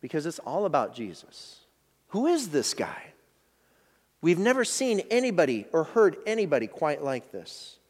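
A man's voice: a little high, very animated, moderate pace, darkish tone, in a large hall. A man preaching a sermon as a pastor, explaining a passage in a conversational teaching manner with frequent restarts.

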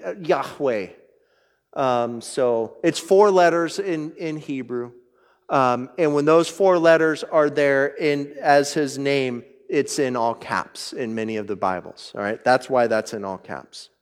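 Guy preaching, kinda high voice, chatty, keeps checking everyone's following, big hall echo. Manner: conversational, checks in with "right?" and "all right?"; reads scripture aloud, then explains it. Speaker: pastor. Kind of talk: sermon.

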